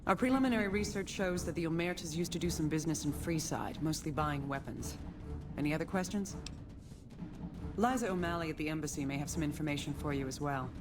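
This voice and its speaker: A woman's voice: sits low, a little fast, lightly acted. An actress playing a stern female colonel giving clipped, commanding orders in a video game. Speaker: game character. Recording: game audio with loud music.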